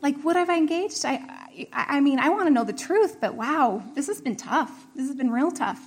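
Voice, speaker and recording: A middle-aged woman casually tells a personal story, laughing often and animatedly acting out the dialogue. Her voice sits high and she speaks at a normal speed.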